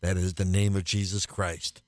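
A man's voice: low-pitched, flat delivery, moderate pace, dry recording, clean studio sound. A man hosting a radio Bible teaching program as pastor, speaking earnestly and building to emphatic repeated refrains.

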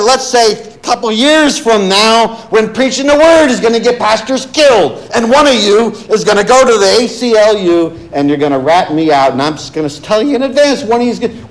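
Animated high-voiced male pastor preaching. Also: rough recording. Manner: animated, rhetorical questions to the congregation. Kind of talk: sermon. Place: church.

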